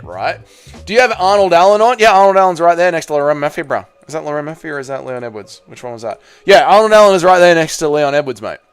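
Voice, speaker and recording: A man's voice: fairly high pitch, smooth. Bantering young male livestream host. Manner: bantering, answers chat, slangy with "mate" and "bro". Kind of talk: casual livestream chat.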